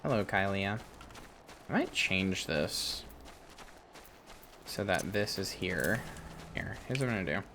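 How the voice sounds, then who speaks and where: Give me a deeper-voiced man bantering casually with his stream chat while playing. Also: lively intonation, takes it slowly, pauses often, noisy background. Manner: swearing, joking banter with chat.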